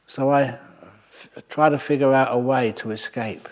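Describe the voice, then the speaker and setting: A man's voice: mid-range voice, fairly even intonation. Wry male monk telling stories. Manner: wry, anecdotal, pauses with fillers. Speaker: Buddhist monk teaching a meditation retreat. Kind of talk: humorous storytelling dharma talk.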